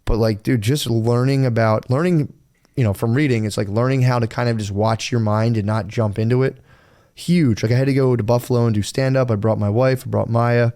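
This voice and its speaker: This podcast co-host has a warm mid-range voice, fairly even intonation, and a slightly fast pace. Rambling casually about his own experiences, he swears freely and quotes himself in other voices.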